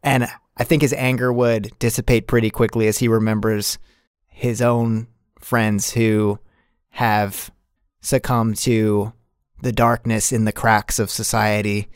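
A man's voice: fairly low pitch, little pitch movement, unhurried, clear, resonant tone, no echo, clean studio sound. A man playing a tabletop game, chatting playfully about the story and his rolls. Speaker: player. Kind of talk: casual chat during a tabletop game.

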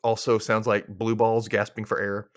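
A man's voice: fairly low pitch, little pitch movement, normal speed, no echo, studio quality. A young man hosting a podcast, chatting casually and animatedly, often acting out quotes in silly voices. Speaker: podcast host. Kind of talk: casual recap chat.

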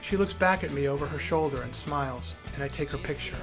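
A man's voice: on the high side, fast, over loud music. A man narrating his own memoir in a wry, conversational storytelling manner.

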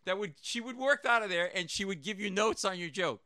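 A man's voice: high voice, a little fast, no room sound. A man, a comedian guest in a radio studio, telling rambling stories and acting out the voices in them. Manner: animated, rambling, acts out voices in his stories. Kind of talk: storytelling anecdote in a radio interview.

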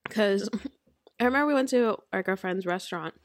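A woman's voice: mid-range voice, normal speed, dry recording, clean studio sound. A young woman chatting casually, telling stories and acting out what people said, laughing often. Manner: storytelling, acts out quotes, laughs often. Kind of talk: casual chat.

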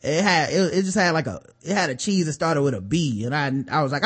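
A man's voice: a little high, a little fast, slightly rough. A man co-hosting a podcast, chatting casually and cracking opinionated jokes. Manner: animated and opinionated, jokey. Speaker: podcast co-host. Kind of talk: casual chat.

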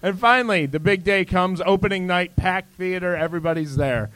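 A man hosting a casual chat, telling jokes with lively acted-out lines. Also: sits high, brisk, clear, resonant tone, no echo. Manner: animated storyteller, acts out lines. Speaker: podcast host.

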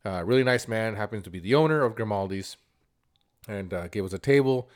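A man's voice: lowish voice, fairly quick. Man telling a rambling travel story. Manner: animated, rambling, repeats words. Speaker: vlogger.

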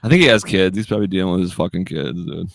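A man's voice: deep voice, quick pace, gravelly, no echo. A man co-hosting a podcast, telling rambling stories in crude, swear-filled banter. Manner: swears a lot, rambling storytelling. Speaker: podcast co-host.

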